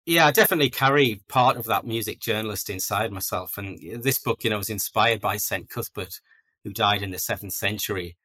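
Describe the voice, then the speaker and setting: Bright-voiced man telling stories. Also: on the low side, fairly quick. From North East England. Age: 40s. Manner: chatty anecdotal storytelling, self-deprecating. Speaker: guest author. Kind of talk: casual podcast interview.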